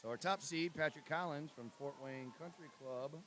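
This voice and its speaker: A man announcing lane assignments and calling races as commentator for a swim meet livestream, with a steady list-reading cadence. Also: a little high, normal speed, slight background noise. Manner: reads lane lists in a steady cadence, banters with co-host.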